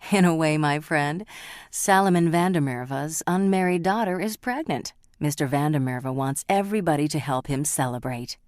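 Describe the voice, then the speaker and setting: A woman's voice: deep voice, normal speed, a little mellow, no echo, close to an everyday voice. A woman reading the part of a vengeful young Scottish man who talks harshly and mockingly. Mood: gloating.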